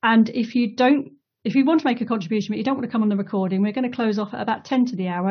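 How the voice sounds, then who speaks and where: Woman host, coach type, easygoing and chatty, mid pitch, over slightly muffled video-call audio. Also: slightly rough. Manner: chatty, relaxed, filler-heavy and welcoming. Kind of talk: casual hosted online conversation.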